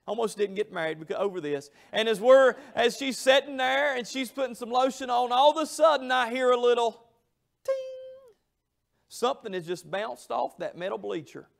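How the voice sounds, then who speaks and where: A middle-aged man, preaching a revival sermon in a church, telling a story with emphatic, drawn-out phrases. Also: extremely high pitch, gravelly. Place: church sanctuary.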